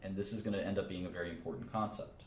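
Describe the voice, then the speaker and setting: A man with a very low voice works through a chemistry lecture, thinking aloud and repeating himself as he goes. The sound is roomy and echoey, with a faint hiss of noise behind him. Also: fairly even intonation, very fast. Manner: thinks aloud, repeats phrases, casual asides. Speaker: chemistry teacher. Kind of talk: informal livestream lecture.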